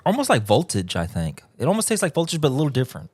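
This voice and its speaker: A man's voice: medium pitch, huge pitch swings, rapid-fire. A man co-hosting a podcast, laid-back and chatting casually with short comments while tasting snacks. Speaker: podcast co-host. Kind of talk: casual chat while taste-testing snacks. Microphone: podcast microphone.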